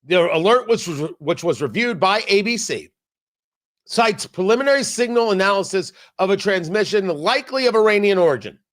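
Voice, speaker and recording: Male talk show host doing a political rant, sarcastic and jokey, voice goes high and swings all over. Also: expressive, normal speed, fairly bright tone. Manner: sarcastic, emphatic, jokey asides. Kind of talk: political commentary monologue.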